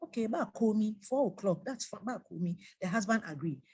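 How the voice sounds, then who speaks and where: A woman's voice: mid-range voice, lively intonation, brisk, mellow, husky. A middle-aged woman speaks as a guest at a religious gathering. She tells an everyday story as advice and keeps repeating phrases for emphasis. Her voice sits in an ordinary middle range for a woman. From Ghana.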